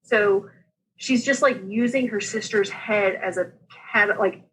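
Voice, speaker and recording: A woman, a podcast guest telling her story in a lively, laughing way and acting out the dialogue. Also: mid-range voice, a little slow, husky, rough recording. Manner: animated, laughing, acts out dialogue. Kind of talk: casual storytelling.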